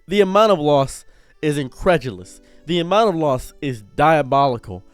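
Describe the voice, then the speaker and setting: A man's voice: on the high side, expressive, normal speed, smooth, no echo, faint music behind. A young man streamer in an emotional commentary rant, swinging between anger and holding back tears. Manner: impassioned, swinging from angry to near tears.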